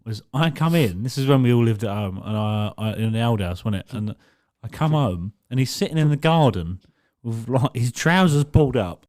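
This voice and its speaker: A man's voice: medium pitch, animated, moderate pace, hardly any pauses, a little mellow. A young man, co-hosting a podcast, telling a funny story and laughing through it, swearing freely. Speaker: podcast co-host. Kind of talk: casual storytelling.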